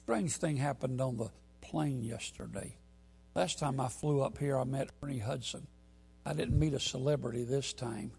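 A man preaching a sermon, telling a story and building to loud, emphatic peaks. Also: mid-range voice, moderate pace, vocal fry, slightly rough.

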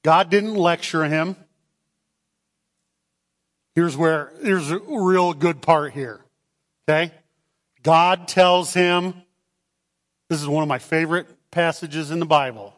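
Pastor preaching slowly to a congregation; high, lively male voice in a reverberant sanctuary. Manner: animated, calls for amens, acts out voices. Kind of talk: sermon. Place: church sanctuary. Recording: long hall reverb.

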